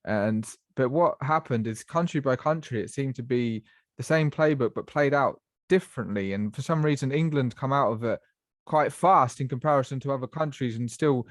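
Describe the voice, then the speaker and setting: A man's voice: mid-range voice, moderate pace, no echo. Podcast host, man, musing questions, dry close sound. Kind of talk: casual podcast chat.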